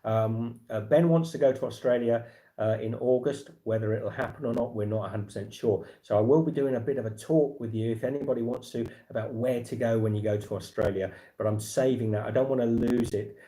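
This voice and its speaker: A man's voice: mid-range voice, steady tone, fairly quick, dark tone. A man with an English accent hosting a casual livestream chat, rambling with lots of fillers and restarts. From England. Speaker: livestream host.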